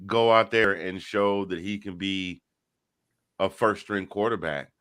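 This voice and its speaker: A man's voice: low-pitched, fairly even intonation, measured pace, fairly bright tone, clean tone, no echo. A man co-hosting a casual football talk show, making season predictions with plenty of restarts. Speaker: football podcast co-host. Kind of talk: casual sports chat.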